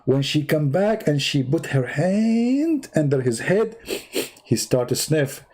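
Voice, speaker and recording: A man hosting a livestream, retelling a story in a mocking, animated way in loose, nonstandard English. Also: a little high, slow. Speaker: livestream host. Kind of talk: mocking religious commentary, casual.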